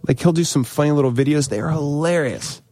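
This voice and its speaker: A man's voice: a little high, fast talker, mellow, dry recording. A man co-hosting a podcast, telling stories in casual, enthusiastic chat. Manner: enthusiastic storyteller. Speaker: podcast co-host.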